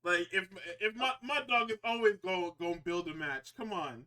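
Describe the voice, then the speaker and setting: High bright-voiced guy ranting about wrestling, laughs a lot, acts out promos. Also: expressive, moderate pace. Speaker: podcast co-host recapping wrestling. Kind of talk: casual profane recap chat.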